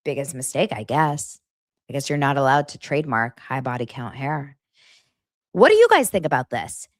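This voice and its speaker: A woman hosts a chatty podcast, recapping reality TV with animated, gossipy energy. Her pitch swings widely, and she often jumps into high, mocking impressions. The sound is dry and close to the mic. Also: moderate pace, dry recording. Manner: animated, gossipy, mimics cast members in high voices. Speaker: podcast host.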